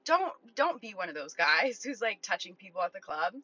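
A woman's voice: medium pitch, sing-song, moderate pace, bright, forceful tone, slightly rough, dry recording. A young woman telling a story in a casual, blunt, profane way, full of fillers. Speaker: online content creator. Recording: dull lo-fi recording.

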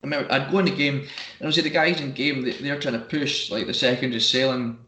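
Man, casual podcast chat, storytelling, middle pitch, echoey room. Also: steady tone, fast, bright, forceful tone. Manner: storytelling with bursts of put-on voices.

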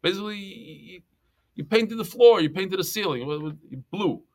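A man teaching a Talmud class, lively and joking as he tells stories and mixes in Hebrew and Yiddish terms. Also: sits high, moderate pace.

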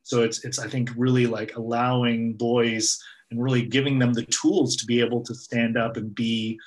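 Man, group facilitator, relaxed conversational talk, thoughtful and hesitant. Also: medium pitch, moderate pace, low-quality recording. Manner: reflective, many fillers and hedges. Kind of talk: casual conversation.

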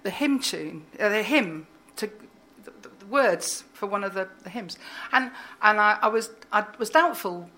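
A woman's voice: medium pitch, sharp tone. Woman poet reading and chatting. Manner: halting, with frequent fillers and restarts. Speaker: poet, guest. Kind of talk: poetry reading and casual interview chat.

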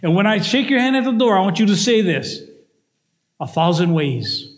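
Older guy preaching, high voice, acts out little stories for the church. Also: sing-song, normal speed. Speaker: pastor. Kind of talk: sermon.

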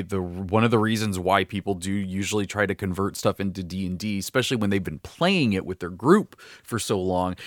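A man's voice: on the low side, fairly bright tone, no echo, studio quality. A young man co-hosting a casual podcast chat about tabletop games, laughing often and restarting sentences. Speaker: podcast co-host.

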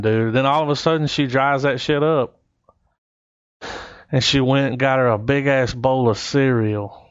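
A man's voice: mid-range voice, fairly bright tone, smooth, no room sound, highs cut off. A man telling a crude story in casual chat, rambling and quoting people as he goes.

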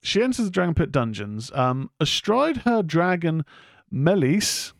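A man's voice: a little high, very animated, a little slow, gravelly, no room sound, studio quality. A man co-hosting a podcast, recapping a TV episode in casual, hesitant chat with lots of fillers. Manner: rambling, hesitant with many fillers. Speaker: podcast co-host.

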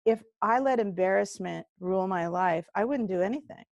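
An older woman chatting as an interview guest, with a voice sitting in the middle of the range. She tells lively stories and slips into quoted voices as she goes. The sound is dry and close, with no room around it. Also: mid-range voice, moderate pace, vocal fry, no echo, muffled recording. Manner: animated storyteller who acts out quoted voices. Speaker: guest, courage coach and singer-songwriter. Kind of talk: casual interview conversation.

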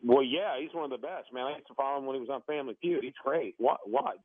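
A man on a phone call who gets defensive and worked up, then quickly apologizes. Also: mid-range voice, no room sound. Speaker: prank call target. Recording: tinny phone line, dry.

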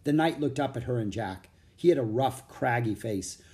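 Reading a children's book aloud as an audiobook narrator, this man tells the story in an expressive, animated way. His pitch is medium and his pace moderate.

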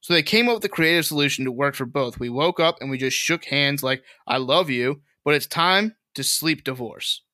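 A man's voice: fairly high pitch, a little fast, hardly any pauses, sharp tone, no echo, studio quality. A man co-hosting a casual podcast, reading headlines aloud and laughing often. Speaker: podcast co-host.

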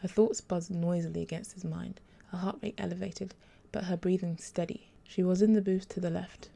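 A woman author reading her own story aloud in an even, measured audiobook narration. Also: lowish voice, gravelly, slightly rough.

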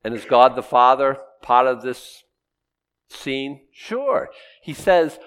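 A middle-aged man preaching a sermon, teaching through a Bible passage in a conversational way with sudden loud rises. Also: medium pitch, expressive, takes it slowly, smooth. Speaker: pastor.

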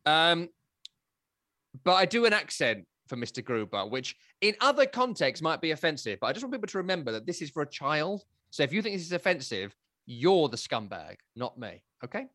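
Animated man hosting a football show. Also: a little high, a little fast, no echo, clean studio sound. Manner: animated, wry, swings between loud and quiet. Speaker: podcast host. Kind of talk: casual chat.

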